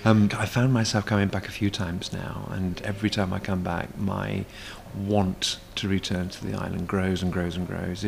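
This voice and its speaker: A man's voice: lowish voice, creaky, a little hiss or hum. A man, a stage performer, chatting as a guest in a casual cafe interview, rambling with many fillers and restarts.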